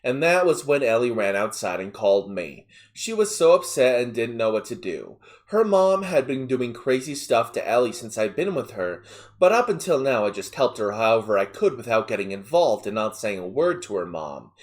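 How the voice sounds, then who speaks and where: A man narrating an online story aloud, with animated storytelling and casual asides. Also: medium pitch, moderate pace.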